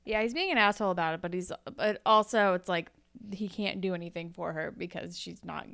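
A woman's voice: brisk, vocal fry, clean tone. A woman co-hosting a podcast, recapping an episode in casual chat and acting out the characters' lines. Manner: animated, acts out characters' lines in higher voices. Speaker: podcast co-host.

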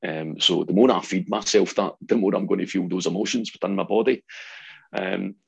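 A man in his forties with a Glaswegian Scottish accent, a guest telling stories from his life in a lively way with lots of ums. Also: low-pitched, normal speed, vocal fry, slightly rough. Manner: animated storyteller, acts out quotes, frequent ums. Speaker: guest, ex-soldier. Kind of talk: storytelling in an interview.

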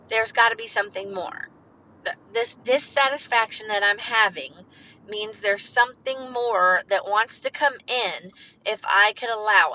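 A woman with a bright, forceful, mid-range voice hosts her own solo podcast, rambling candidly with fillers and the occasional swear word. The audio is poor, with slight background noise.

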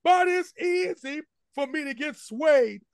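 Slow, gravelly, and animated, the senior pastor's very high voice carries an emphatic sermon full of repeated refrains from the pulpit of a church sanctuary. He speaks straight to his congregation, who answer back. The recording is close and dry, with barely any room sound.

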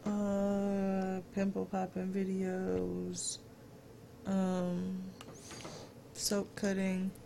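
A woman's voice: mid-range voice, completely flat delivery, drawn-out words, creaky, noisy background. A woman co-hosting a casual podcast chat, laid-back and frank, swearing freely. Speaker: podcast co-host.

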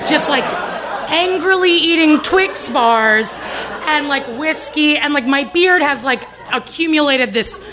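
A young woman telling a comic personal story live on stage, animated and given to loud ranting retellings. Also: sits high, unhurried. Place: live stage before an audience. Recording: live show with a laughing crowd.

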